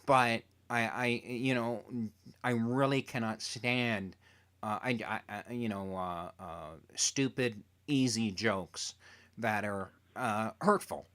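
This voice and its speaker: A man interviewing a TV creator as a fan, telling stories in an animated way and acting out quotes. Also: fairly low pitch, slow pace. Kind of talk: casual interview chat.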